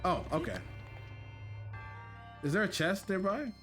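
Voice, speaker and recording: A man streaming a game live, talking to his chat in a jokey, excitable way and repeating himself when flustered. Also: sits high, measured pace, faint music behind. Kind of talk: live gameplay commentary.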